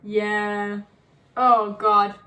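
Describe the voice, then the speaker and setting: A woman co-hosting a podcast in a casual chat, telling stories in an animated way with sudden jumps in pitch. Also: very slow, a little hiss or hum. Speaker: podcast co-host.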